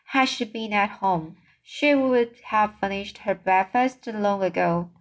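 Slow, careful woman reading aloud. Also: medium pitch, low-quality recording. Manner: slow, careful, occasional slips. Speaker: reader. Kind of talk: reading a children's book aloud.

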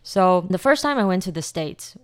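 Taiwanese woman, low smooth voice. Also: lively intonation, moderate pace, no room sound, clean studio sound. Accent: Taiwanese, with a Californian lilt. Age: 20s. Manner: chatty, upbeat, simple non-native phrasing. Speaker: guest. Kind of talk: casual interview chat.

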